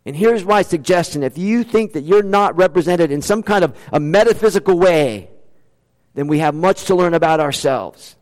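A male pastor preaching with a fairly high voice. He fires off rhetorical questions, jumping up in pitch and then dropping low and quiet. The sound rings with a long hall reverb. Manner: animated preaching with rhetorical questions and sudden swings in pitch and loudness. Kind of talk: sermon.

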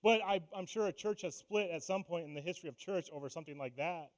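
Pastor type, male, higher-pitched voice, casual preaching style with wry asides to the congregation. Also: fast. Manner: conversational preaching with self-deprecating asides. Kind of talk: sermon. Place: church sanctuary.

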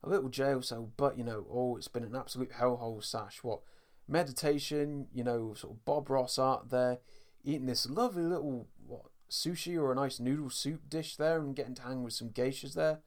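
A man co-hosting a podcast, recapping a cartoon episode in a lively, casual way, acting out bits of scenes and speaking to listeners as folks. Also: medium pitch, moderate pace. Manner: animated storyteller, acts out scenes, addresses folks. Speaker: podcast co-host.

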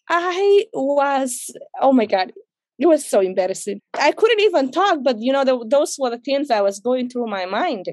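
A woman's voice: high voice, big pitch swings, unhurried, a little mellow, no room sound. A young woman, an interview guest, telling a personal story in conversation, emotional and acting out what people said to her. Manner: emotional, retells with quoted dialogue.

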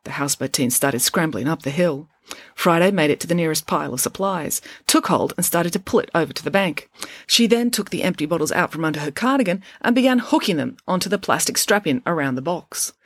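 Lively woman narrating a children's book. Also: fairly low pitch, a little fast, dry recording. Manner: expressive, even storytelling. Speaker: audiobook narrator. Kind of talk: storybook narration.

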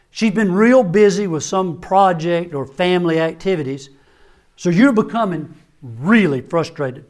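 An older man, a family doctor, giving a sermon-style talk to men, with folksy humorous stories and soft, low-voiced serious moments. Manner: folksy, humorous storytelling with dry asides. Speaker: family doctor and conference speaker.

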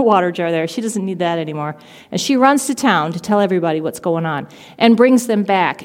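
A woman's voice: medium pitch, a little mellow. A woman preaching a sermon in a conversational way, retelling a scripture story. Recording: reverberant hall.

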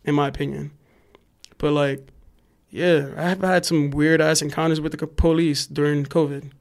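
Speaking at a moderate pace, a young graffiti writer from New York, guesting on a podcast, recounts a wild tale in casual conversation. His slightly high voice carries an animated, profane style, and he shouts out lines to impersonate the characters, like cops yelling.

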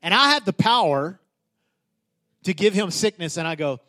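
High-voiced, emphatic male pastor preaching. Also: sing-song, normal speed, sharp tone. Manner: casual, emphatic, with frequent restarts. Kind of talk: sermon.

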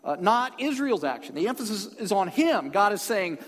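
A man preaching from the pulpit, his voice sitting high and swinging widely in pitch as he presses each point home. He talks emphatically and keeps calling on the congregation to respond. The sound carries a long reverb from the hall around him. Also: sing-song, normal speed, a bit bright. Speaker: pastor. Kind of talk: sermon.

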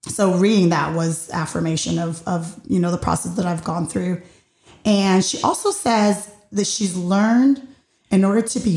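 A podcast host muses through a casual monologue on her own show, thoughtful and a bit hesitant, full of fillers and restarts. Her lowish voice is gravelly and slightly mellow, with a reverberant sound.

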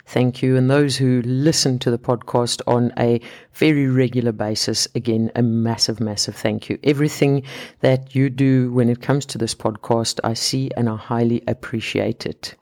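A man's voice: mid-range voice, steady tone, moderate pace, darkish tone. A man hosting a solo podcast on fat loss, talking in a chatty way and often rephrasing and repeating his points.

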